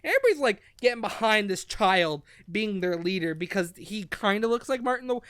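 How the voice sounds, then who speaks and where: A man's voice: high-pitched, big pitch swings, brisk, fairly bright tone, smooth, dry recording, studio quality. A man co-hosting a casual online talk show, recapping a childhood book in a rambling, profane way and slipping into goofy character voices. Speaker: podcast co-host.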